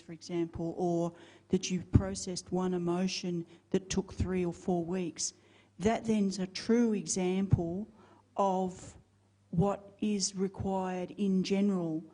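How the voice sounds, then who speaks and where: A woman's voice: fairly low pitch, level tone, slow pace, warm tone. A woman in the audience asking questions hesitantly, searching for her words.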